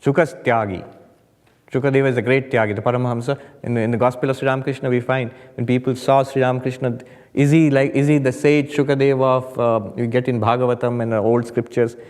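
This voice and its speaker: A man's voice: medium pitch, fairly even intonation, fast talker, darkish tone. A man, a monk, leading a meditation retreat, telling stories with humor and rising emphasis. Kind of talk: spiritual talk to an audience. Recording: hall with long reverb. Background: audience laughter.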